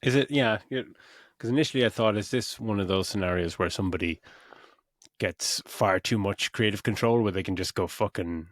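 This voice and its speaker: A man's voice: lowish voice, fairly quick, a bit bright, no echo, clean studio sound. A middle-aged man co-hosting a podcast, rambling through a casual film review, swearing freely and acting out his own reactions. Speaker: podcast co-host.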